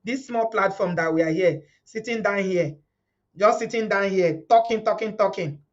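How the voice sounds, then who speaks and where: On lo-fi audio, a middle-aged Nigerian woman hosting a live community stream speaks at a normal pace in a medium-pitched voice. She addresses her viewers with fervor, repeating herself and quoting the people she mentions.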